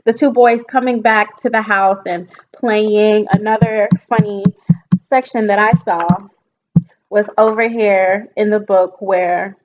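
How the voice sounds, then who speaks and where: A young woman, an education student, giving an earnest, halting book report presentation and mixing reading with comments. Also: medium pitch, fairly even intonation. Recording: dull lo-fi home recording with faint noise.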